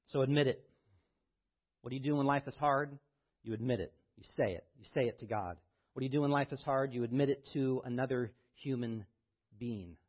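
A man preaching a sermon as pastor, reading scripture with rising intensity and then talking in a low, quiet voice. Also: brisk, muffled recording.

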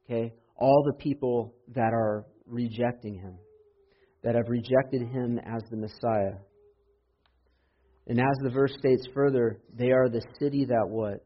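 A man preaching a Sunday sermon as pastor, building to loud, impassioned emphasis when he quotes scripture. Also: mid-range voice, steady tone, unhurried. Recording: dull lo-fi sermon audio.

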